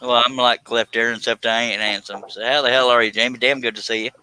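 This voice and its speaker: A man's voice: medium pitch, steady tone, quick pace, pushed and bright, clear, resonant tone. A man hosting a live stream in casual chat, joking and laughing often with folksy oaths. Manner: jokey, laughs a lot, folksy swearing.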